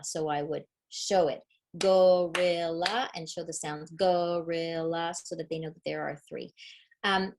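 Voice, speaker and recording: Upbeat woman teaching early reading. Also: fairly low pitch. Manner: upbeat, demonstrative, explains step by step. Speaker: literacy educator. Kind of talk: webinar teaching.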